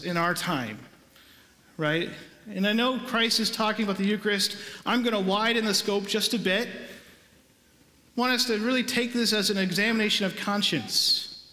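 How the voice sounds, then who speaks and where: A priest delivers a sermon with a high, bright male voice, stressing his points and tossing rhetorical questions to the pews. His words ring out through a large church with a long, echoing tail. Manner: emphatic, conversational preaching with rhetorical questions. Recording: echoey church with long reverb.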